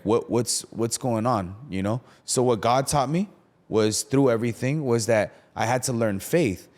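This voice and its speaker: A young man hosting a podcast, talking about faith in a casual, slangy way and often checking in with "right?". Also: mid-range voice. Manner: slangy, animated storytelling with lots of "right?". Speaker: podcast host.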